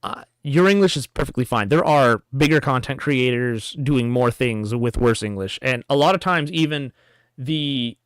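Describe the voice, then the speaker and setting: A man's voice: mid-range voice, moderate pace, clean tone, no room sound. A man hosting a casual reaction commentary, rambling with frequent restarts. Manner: rambling, stops and restarts often, reads comments aloud.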